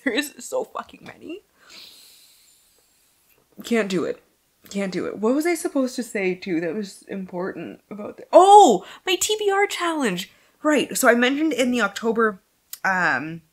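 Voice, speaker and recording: A woman's voice: on the low side, a bit bright. A woman chatting casually about books for a vlog at home, scattered and jumping between thoughts, swearing freely and laughing often. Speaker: book vlogger. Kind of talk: casual book wrap-up chat.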